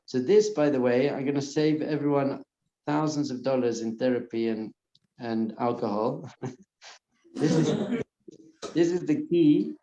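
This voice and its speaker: A man, a rabbi, giving an earnest class to a live audience and softly repeating calming phrases. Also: mid-range voice, a little slow, long pauses, a little hiss or hum. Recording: muffled, echoey room.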